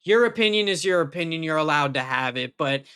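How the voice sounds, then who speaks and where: A show reviewer talking casually and with excitement, gushing, swearing freely and repeating themselves. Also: medium pitch, a little fast, clean tone.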